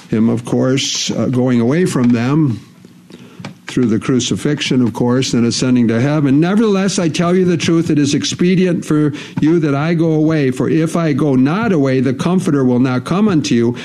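A man's voice: a little high, darkish tone. A man preaching a sermon, reading scripture verses aloud and repeating key phrases for emphasis.

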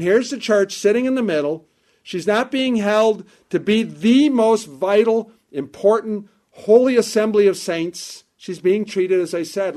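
Impassioned high-voiced male preacher. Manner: impassioned preaching, swells high and loud then drops low and soft; repeats phrases for emphasis. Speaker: pastor. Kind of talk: sermon.

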